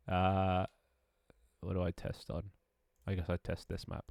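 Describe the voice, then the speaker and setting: A man's voice: deep voice, slow pace, creaky, long pauses, a little mellow, dry recording, clean studio sound. Stuffy-nosed man streaming. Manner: rambling, self-mocking, swears casually. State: stuffy, congested nose. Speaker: game developer streaming live. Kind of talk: casual live-stream chat.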